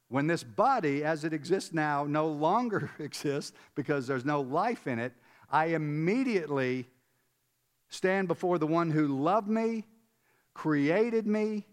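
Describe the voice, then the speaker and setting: A man preaching a conversational sermon, emphatic, repeating words and putting questions to his listeners. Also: on the high side. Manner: emphatic, repeats words, chuckles, asks the audience. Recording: long reverb of a large hall.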